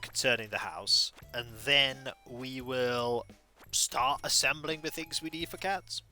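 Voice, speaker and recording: A man's voice: mid-range voice, measured pace, sharp tone, soft background music. A man in his thirties streaming a video game, chatting in a playful, rambling, self-mocking way. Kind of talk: casual live game stream commentary.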